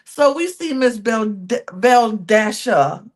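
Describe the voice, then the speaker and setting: Sassy, animated woman podcast host. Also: fairly high pitch, slow pace. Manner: animated, sassy, laughs often. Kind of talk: casual reality TV recap chat.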